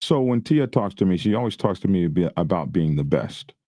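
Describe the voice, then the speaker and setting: A middle-aged man chatting on a podcast, his fairly low voice swinging up and down with lots of movement. He talks in a halting, easygoing way and laughs at himself. The sound is dry and close. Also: expressive, warm tone, dry recording. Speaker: podcast host. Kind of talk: casual podcast banter.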